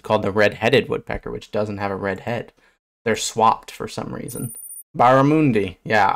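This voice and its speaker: A man's voice: lowish voice, a bit bright. A man, a fish biologist streamer, giving casual reaction commentary, blunt and swearing, bursting into surprised questions.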